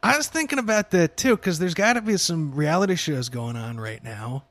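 A young man with a slightly high, gravelly voice, chatting loosely on a podcast. He talks in a relaxed, rambling way, swears freely and keeps saying "dude". The sound is dry and close, with no room around it. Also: normal speed, dry recording. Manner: laid-back, swears a lot, says "dude". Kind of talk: casual chat.

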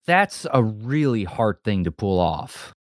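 A man co-hosting a podcast, talking in a relaxed, joking way and swearing casually. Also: lowish voice, slow pace, dry recording, studio quality. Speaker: podcast co-host. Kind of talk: casual chat.

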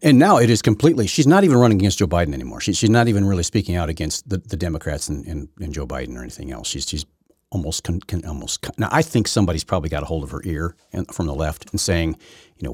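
A man's voice: low-pitched, lively intonation, fast talker, darkish tone, slightly rough, no echo, clean studio sound. A man hosting his own political talk show, delivering an opinionated, rambling monologue full of restarts. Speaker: podcast host.

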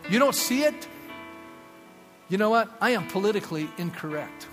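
A man's voice: a little high, fairly bright tone, big-room sound. A man preaching a sermon as pastor, speaking emphatically and acting out quotes, recorded in a church sanctuary.

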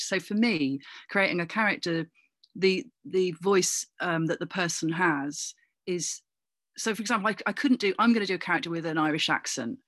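A woman from Cornwall, an actor and comedian, chatting as an interview guest with animated, anecdotal storytelling. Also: on the low side, no room sound, studio quality. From Cornwall, England. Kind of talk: casual interview chat.

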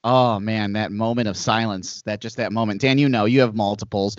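A man hosting a casual podcast chat, telling rambling stories with animated asides. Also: lowish voice, a little fast, no room sound, highs cut off. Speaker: podcast host.

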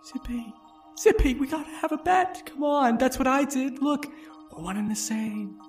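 A man doing a high, wheedling voice of a pleading man in a tabletop game. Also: moderate pace, soft background music.

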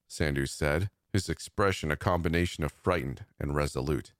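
A man narrating a first-person horror story in a steady, measured, tense reading. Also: a bass voice, no room sound, studio quality.

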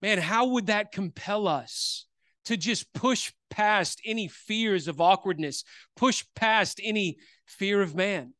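A man with a high voice tells a personal story as part of a sermon, with plenty of fillers and restarts. He is recorded dry and close, with almost no room sound. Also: takes it slowly, pushed and bright, no room sound. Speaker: preacher. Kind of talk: sermon testimony.

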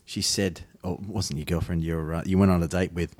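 A man's voice: low-pitched, fairly quick, dry recording. A man co-hosting a podcast in casual chat, full of ums and restarts. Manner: hesitant, many ums and restarts, animated. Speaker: podcast co-host.

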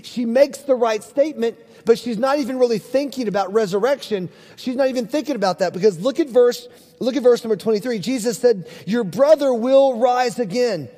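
A middle-aged male pastor with a high but mellow voice preaches an earnest, emphatic sermon. His voice rings through a church sanctuary with a long reverb tail. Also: fairly quick.

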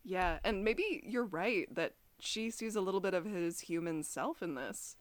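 A woman's voice: fairly low pitch, unhurried, dry recording. A young woman co-hosting a podcast, recapping a TV episode in casual chat and often laughing. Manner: animated, laughs often, acts out quotes. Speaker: podcast co-host.

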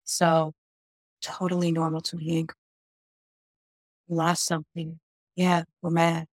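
A woman's voice: low voice, monotone, unhurried, no echo, clean studio sound. A woman doctor on a podcast explains grief in a conversational way. She often says "like" and voices people's inner questions.

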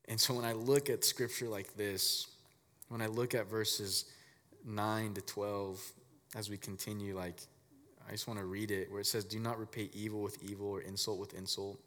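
Man, casual sermon, relaxed conversational storytelling, deep-ish voice, long hall reverb. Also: normal speed. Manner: relaxed, filler-heavy storytelling. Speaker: pastor.

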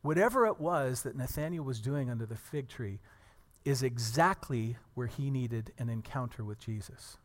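A man preaching a sermon to a congregation, earnest and animated, telling stories and acting out the people in them. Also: mid-range voice, normal speed, big-room sound. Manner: earnest, animated storytelling with acted quotes.

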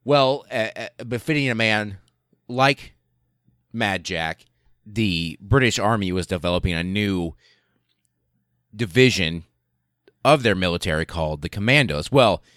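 Low-voiced man, podcast host, profane casual storytelling, dry close mic. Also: unhurried, long pauses, no room sound. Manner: profane, animated, laughs while telling.

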